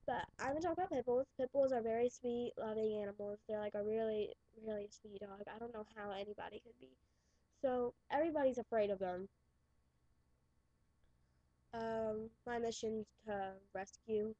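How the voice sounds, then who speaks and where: Teen girl, New York accent, fairly high voice, mellow tone, dull lo-fi webcam audio, dry. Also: normal speed, dry recording. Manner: chatty, restarts and trails off. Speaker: webcam vlogger. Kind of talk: rambling casual webcam talk. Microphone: webcam mic.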